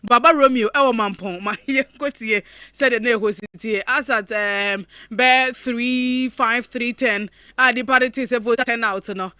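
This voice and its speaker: A man's voice: very high voice, unhurried, hardly any pauses, pushed and bright, clear, resonant tone, no echo. A Ghanaian man co-hosting live election coverage, laughing often and bantering in Twi and English. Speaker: co-host. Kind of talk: live election-night studio talk.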